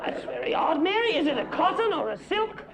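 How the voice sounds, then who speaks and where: A man's voice: very high voice, very animated, fairly quick, gravelly, crowd noise, exaggerated voice. A man playing a gushing, condescending middle-aged Australian housewife superstar, trading backhanded compliments with the audience in a live stage comedy act. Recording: live theatre recording, loud audience.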